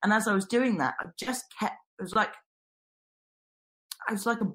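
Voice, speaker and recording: A woman's voice: mid-range voice, normal speed, a bit bright, rough recording. A woman earnestly telling a personal story in conversation, candid and sometimes restarting her sentences.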